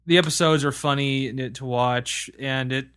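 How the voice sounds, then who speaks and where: A man's voice: medium pitch, steady tone, normal speed, a bit bright, smooth. A man co-hosting a podcast, chatting casually, teasing his partner with exasperated, swearing banter. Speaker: podcast co-host. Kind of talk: casual banter about games and media.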